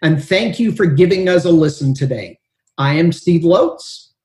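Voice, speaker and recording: Podcast co-host, man, upbeat with dry jokes, high lively voice, echoey room. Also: a little slow. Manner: upbeat, dryly joking. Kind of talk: podcast hosting.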